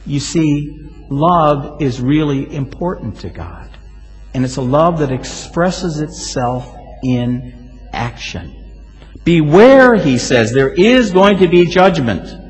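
A male pastor preaching a sermon, telling stories with lively swings and sudden loud exclamations. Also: a little high, slow. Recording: hall reverb.

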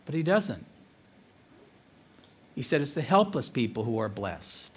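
A man's voice: medium pitch, sing-song, slightly rough. Earnest male pastor preaching. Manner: warm, earnest preaching with pauses. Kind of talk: sermon.

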